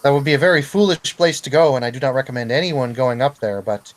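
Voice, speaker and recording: A man's voice: mid-range voice, fast, pitched above the performer's own voice, natural voice, low-quality recording. A man doing a curt, guarded barkeep woman. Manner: terse, hinting without saying outright.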